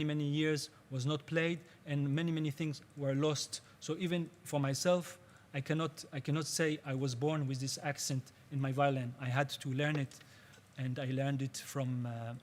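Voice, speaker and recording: Man teaching a workshop, slightly high voice. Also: slight background noise. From Israel. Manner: patient, halting, searches for words in non-native English. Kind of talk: spoken workshop lecture.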